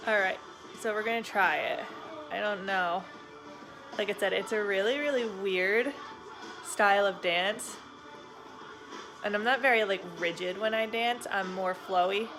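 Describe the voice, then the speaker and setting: A woman's voice: mid-range voice, measured pace, pauses often, over music. A young woman chatting casually at home in her family vlog, rambling with fillers and little laughs. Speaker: vlogger mom.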